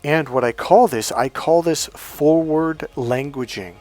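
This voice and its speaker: A man's voice: on the high side, unhurried, a little mellow, faint music behind. A man giving an emphatic, repetitive motivational coaching talk. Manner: emphatic, repetitive, chanting mantras. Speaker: life coach.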